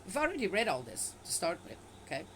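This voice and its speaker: A woman at an ordinary middle pitch reads scripture aloud, then breaks off to pick it apart in casual asides. Her tone is skeptical and offhand. A faint noise hangs in the background. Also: very animated, fast. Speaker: bible reader and commentator. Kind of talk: casual scripture reading with commentary.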